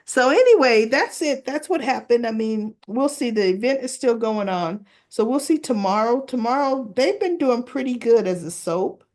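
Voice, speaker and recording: A woman casually recapping soap opera episodes, chatty and animated, briefly mimicking characters and sometimes searching for words. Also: on the high side, moderate pace, few pauses. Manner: searches for words with restarts and fillers.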